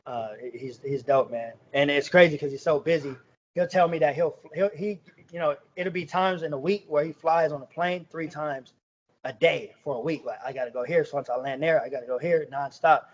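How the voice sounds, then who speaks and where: A man's voice: on the high side, brisk, slight background noise. Slangy young man telling stories, lo-fi. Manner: slangy storytelling, acts out quoted dialogue. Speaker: guest chef. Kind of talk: casual podcast chat. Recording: dull lo-fi podcast recording.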